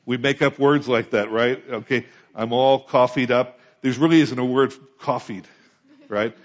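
A man from the United States with a mid-range, fairly even voice preaches unhurriedly as pastor, the recording's highs cut off. He speaks conversationally, repeatedly asking the congregation questions.

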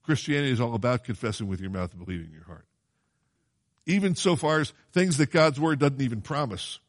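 A man's voice: medium pitch, animated, a little fast. A man preaching a Bible sermon in a conversational way, often asking his listeners questions and quoting scripture in old-fashioned wording. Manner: conversational, asks the congregation questions.

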